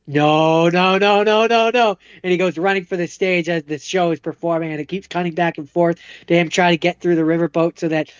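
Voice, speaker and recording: A man's voice: on the high side, smooth, dry recording, muffled recording. A man co-hosting a podcast, casually retelling a movie plot and briefly acting out its characters. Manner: animated retelling, acting out characters in quick impressions. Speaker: podcast co-host.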